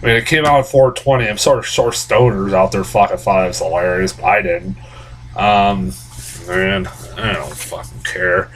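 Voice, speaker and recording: A man's voice: fairly low pitch, big pitch swings, normal speed, creaky, fairly bright tone. A man giving a casual, unscripted movie review. He talks bluntly and with exasperation, swears a lot and stammers into frequent restarts.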